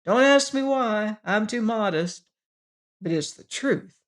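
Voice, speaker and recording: A woman's voice: mid-range voice, expressive, slow, pitched above the performer's own voice. A woman voicing a shrewd, fat, middle-aged male salesman in an audiobook, jovial and earnest, with blustering salesman talk. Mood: jovial pitch. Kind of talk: audiobook character reading.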